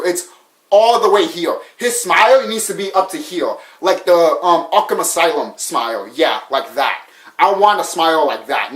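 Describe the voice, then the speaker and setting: Young man, rambling fan-theory vlog, stutters and restarts, slightly high voice, echoey room. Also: fairly bright tone. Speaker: vlogger sharing a fan theory. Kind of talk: casual rambling talk to camera.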